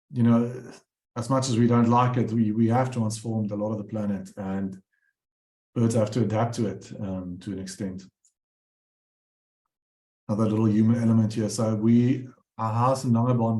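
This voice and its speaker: A man's voice: on the low side, warm tone, echoey room. A man presenting his bird paintings, telling rambling anecdotes with many fillers and restarts. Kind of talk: casual storytelling talk.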